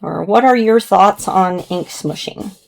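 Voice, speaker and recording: A slightly hoarse woman chatting gently through a casual crafting tutorial as she works with her hands, now and then clearing her throat. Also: mid-range voice, a little slow. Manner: chatty, gentle, talks while working with hands. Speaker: card-making demonstrator.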